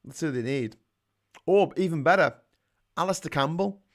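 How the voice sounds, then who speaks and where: A man's voice: on the high side, moderate pace. A middle-aged man with a Scouse accent hosts a live call-in stream, reading viewer comments aloud and answering them with blunt, opinionated rants that swear and build in heat. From Liverpool, England. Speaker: host of a live call-in chat show.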